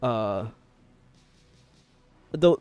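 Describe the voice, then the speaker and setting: A man's voice: mid-range voice, animated, very slow, darkish tone, clean tone, no echo, faint music behind. A young man with a New York accent, chatting casually on a live stream in a rambling way, with lots of filler words. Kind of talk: casual chat while gaming.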